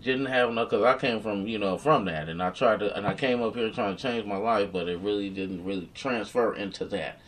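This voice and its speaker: Man telling stories from across the room. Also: fairly low pitch. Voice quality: slight slur from a dental retainer. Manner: rambling, profane, rapid-fire telling. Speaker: interview guest. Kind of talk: casual storytelling chat. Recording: distant from the mic.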